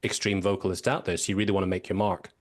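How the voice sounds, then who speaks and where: A man hosting a podcast interview, talking in a thoughtful, relaxed and conversational way. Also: deep voice, very fast. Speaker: podcast host. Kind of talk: casual interview chat.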